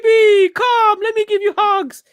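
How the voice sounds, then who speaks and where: A man imitating a fussing mother who coos over a hurt baby in high, drawn-out, teary baby talk. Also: little pitch movement. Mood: cooing.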